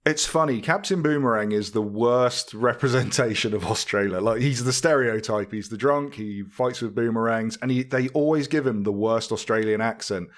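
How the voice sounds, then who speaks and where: A man's voice: medium pitch, moderate pace, few pauses. Chatty man co-hosting a podcast. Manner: chatty, laughs easily, frequent fillers. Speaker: podcast co-host. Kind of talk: casual chat.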